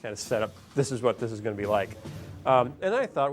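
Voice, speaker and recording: A man interviewed about making a show, telling stories in a relaxed way with many "you know" fillers. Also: medium pitch, fast talker. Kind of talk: behind-the-scenes interview. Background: music.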